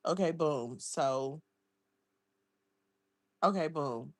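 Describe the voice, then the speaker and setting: A woman's voice: deep voice, drawn-out words, no echo. A woman hosting a casual livestream, chatting and gossiping as she reads viewer comments aloud into a close mic. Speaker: livestream host.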